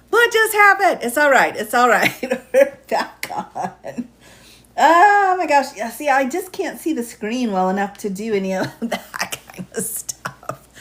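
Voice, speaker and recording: A woman's voice: a little high, a bit bright. A woman hosting a casual live stream, chatting and laughing often, apologizing to her viewers. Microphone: phone or computer mic.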